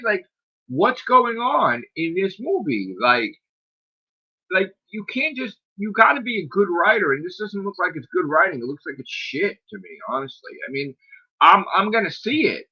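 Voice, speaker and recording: An exasperated podcast host, his voice on the high side, delivers a casual rant heavy on profanity, rhetorical questions and "like." He's recorded on a streaming microphone with slightly dull lo-fi sound.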